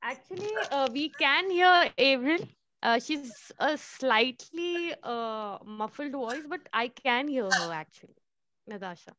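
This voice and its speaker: A woman moderating an online session, speaking softly to help sort out a call problem. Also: high-pitched, animated, a little slow, noisy background.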